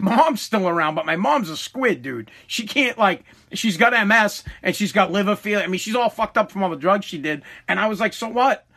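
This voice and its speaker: Sharp in tone and high in pitch, this man hosts a casual podcast of storytelling chat, wandering off on tangents while cursing and laughing a lot.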